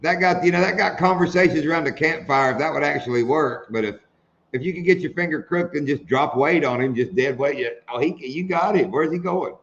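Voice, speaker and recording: A man hosting a relaxed live chat, spinning a joke and chuckling at his own punchlines. His voice sits a little higher than most men's. The stream audio is dull and muffled. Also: fairly quick, slight background noise. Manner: joking storyteller, laughs at own jokes.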